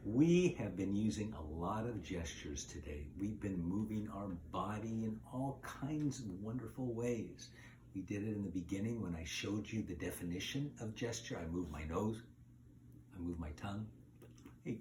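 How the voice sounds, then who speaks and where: A man leads a lesson for preschool children, telling a fairy tale and acting out every gesture as he goes. His pitch leaps and dips with lively range. There is clear noise in the background of the recording. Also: normal speed. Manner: animated, acts out voices and gestures. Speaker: pre-K teacher. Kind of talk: storytelling lesson for young children.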